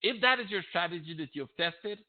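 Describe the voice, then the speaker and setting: A man's voice: high voice, animated, fairly quick. A man teaching trading on a live question-and-answer stream, blunt and emphatic, repeating his points and getting heated. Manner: blunt, emphatic, repeats himself, gets heated and loud at times. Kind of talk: live Q&A webinar. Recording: tinny phone-like audio.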